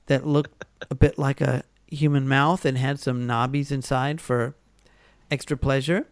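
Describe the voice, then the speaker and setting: Guy with a gravelly voice rambling through old work stories, dry close sound. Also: mid-range voice, little pitch movement, unhurried, no echo. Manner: rambling, many fillers and restarts. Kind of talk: casual storytelling chat.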